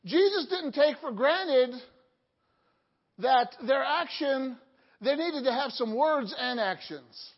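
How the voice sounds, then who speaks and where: A woman preaching in a high voice with an unhurried, drawn-out delivery. She keeps quizzing the congregation and slipping in jokes. The recording sounds dull and lo-fi, with a long reverb from the hall. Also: expressive, breathy edge. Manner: asks the congregation questions, joking asides. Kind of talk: sermon.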